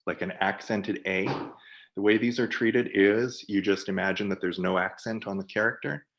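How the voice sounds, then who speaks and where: Deep-voiced man explaining software. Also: steady tone, moderate pace, highs cut off. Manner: explanatory, thinks aloud while demonstrating. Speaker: product team presenter. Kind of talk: webinar software walkthrough.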